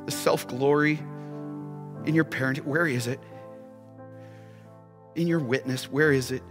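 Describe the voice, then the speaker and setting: A man's voice: medium pitch, fairly even intonation, measured pace. A man preaching as a pastor, giving an impassioned altar call full of repeated rhetorical questions. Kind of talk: sermon. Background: soft music playing.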